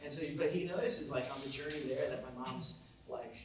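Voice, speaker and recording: Male pastor, casual storytelling preacher, bright forceful tone, cavernous church echo, picked up from a distance. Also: mid-range voice, a little fast, a little hiss or hum. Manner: conversational, frequent filler "like". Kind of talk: sermon with personal storytelling. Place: church auditorium. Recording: very echoey church hall, mic at a distance.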